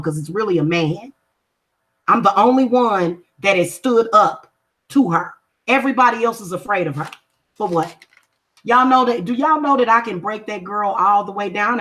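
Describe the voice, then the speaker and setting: Her mid-range voice sounds pushed and bright. A reader and spellworker, she chats casually on a livestream, confronting viewers emphatically and restating her points for emphasis.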